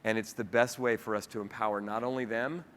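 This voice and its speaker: A lively keynote speaker tells a story to a live audience in a large hall, acting out the quoted dialogue. His voice sits fairly low and moves briskly, and the recording carries a long hall reverb.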